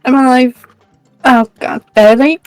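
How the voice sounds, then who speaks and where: A woman's voice: high voice, fairly even intonation, a little slow, a little mellow, dry recording, faint music behind, voice pushed up. A woman voicing a battered male adventurer who sounds wry and rueful, in a dry close recording.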